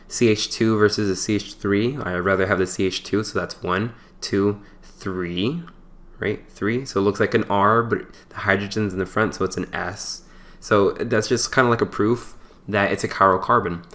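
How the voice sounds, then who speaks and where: A man with a somewhat low voice walks through a chemistry problem like a tutor at a whiteboard. He keeps it loose and conversational, tossing in jokey asides and correcting himself along the way. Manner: relaxed and chatty, with playful asides and small stumbles. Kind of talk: casual whiteboard lecture.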